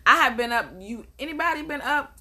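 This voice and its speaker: A woman's voice: high voice, fairly quick, sharp tone. A woman life coach giving a motivational talk, emphatic and repetitive, asking rhetorical questions and answering them.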